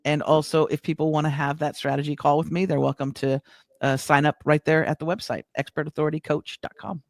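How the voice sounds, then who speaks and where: A middle-aged woman with an American accent, speaking in a fairly low voice for a woman. She talks warmly but haltingly, restarting her sentences as she chats in an interview. The sound is dry and close. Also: level tone, no echo. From United States. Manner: warm, halting, with many restarts and fillers. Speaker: guest business coach. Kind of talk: casual interview chat.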